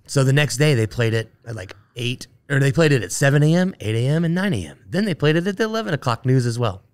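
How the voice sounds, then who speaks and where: A man's voice: medium pitch, fast, clean tone. Chatty man telling a story. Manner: animated, full of fillers like "like" and "you know". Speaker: podcast guest, Army veteran. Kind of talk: casual storytelling interview.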